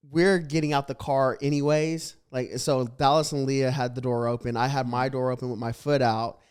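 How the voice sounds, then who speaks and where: Smooth-voiced young man telling a story. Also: mid-range voice. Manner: animated storytelling, acts out quoted exchanges. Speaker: podcast host. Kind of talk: casual podcast conversation.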